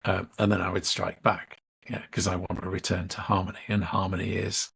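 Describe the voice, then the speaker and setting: A middle-aged man, a leadership coach and interview guest, telling a workshop story in a measured way and acting out the dialogue. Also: sits low, flat delivery, creaky, a bit bright, husky.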